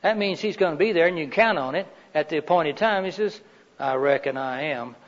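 A man's voice: high voice, quick pace. A middle-aged man giving a live workshop talk in a meeting room, chatty and folksy, often asking the audience questions. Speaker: workshop lecturer. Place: meeting room with windows and a heater. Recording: dull reverberant room recording.

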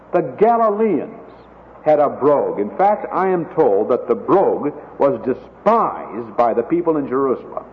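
A man preaching a sermon, dramatic, acting out quoted oaths slowly and forcefully. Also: medium pitch. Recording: tinny phone-like sound, long hall reverb.

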